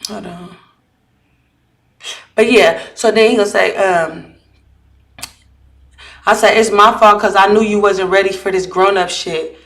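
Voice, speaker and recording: A woman's voice: mid-range voice, fairly even intonation, unhurried, pauses often, a bit bright. Blunt, heated woman talking to viewers. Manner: blunt, heated retelling with frequent profanity; reads messages aloud and asks viewers for judgment. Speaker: vlogger. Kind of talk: casual chat to viewers. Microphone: camera or phone mic while live.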